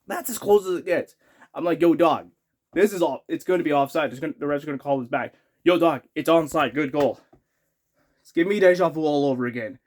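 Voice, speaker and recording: A man giving an excitable, rambling hockey rant as a fan vlogger, often restarting his sentences. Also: on the high side, brisk.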